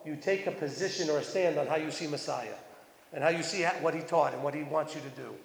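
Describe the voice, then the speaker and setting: A man's voice: fairly high pitch, fast talker, creaky. A man teaching a congregation in a sermon, reading verses aloud and asking his listeners questions in a chatty way. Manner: conversational preaching, reads verses aloud, asks the listeners questions. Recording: echoey hall.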